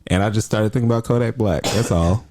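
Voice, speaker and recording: A man's voice: on the low side, fast, darkish tone, a little hiss or hum. A man co-hosting a podcast, chatting casually in a laid-back, slangy way and laughing often. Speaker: podcast co-host. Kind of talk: casual chat.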